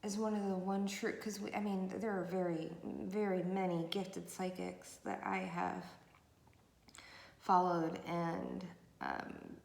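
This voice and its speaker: Gravelly-voiced woman rambling through a tarot reading. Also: fairly low pitch, slow, a little mellow. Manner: chatty, rambling, with many fillers. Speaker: tarot reader. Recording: echoey room with faint noise.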